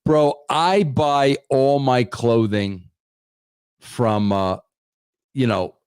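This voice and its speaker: A man's voice: mid-range voice, fairly even intonation, drawn-out words, darkish tone, clear, resonant tone, dry recording. A man hosting a live call-in show in a casual New manner, stumbling over words and calling everyone bro. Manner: casual, says "bro" constantly, repeats words. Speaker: host.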